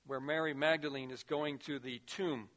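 A man preaching a sermon, earnest, rising to loud emphasis and dropping to a hushed voice. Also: medium pitch, fairly even intonation, moderate pace. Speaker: pastor.

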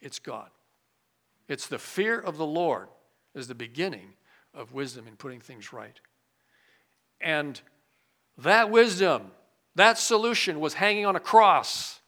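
A male pastor preaching a sermon, swinging from loud emphatic lines to quiet, low asides. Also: animated, a little slow, pauses often.

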